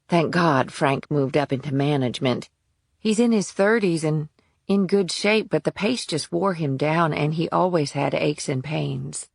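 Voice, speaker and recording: A trembling young mother, as a man puts her on in a whispered role-play, pitched far up and set back from the mic. She talks in a frantic, worried rush. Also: gravelly, no echo, clean studio sound. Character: frightened young mother, anxious woman.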